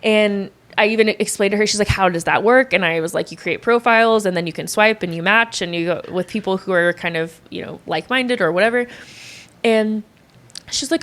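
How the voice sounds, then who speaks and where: A woman in her thirties, a podcast guest, telling a personal story in a lively, casual way and often acting out what others said. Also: medium pitch, fast talker. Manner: animated, quotes others often.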